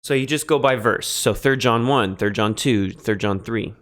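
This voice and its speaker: A man streaming a Greek translation lesson, thinking aloud in a halting way and pausing while he writes notes. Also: fairly low pitch, fairly bright tone. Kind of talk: relaxed live-stream teaching.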